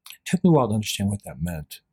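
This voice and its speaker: A man's voice: lowish voice, sing-song, very fast, a little mellow, breathy edge. A man speaking as an interview guest, talking earnestly and often dropping to a near-whisper. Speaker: guest author. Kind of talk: reflective interview talk.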